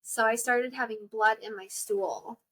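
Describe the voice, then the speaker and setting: Her voice is a little high and a bit bright, with a steady, unhurried tone. A young woman hosting a podcast, she tells listeners a personal story in a chatty, exclamatory way, full of fillers.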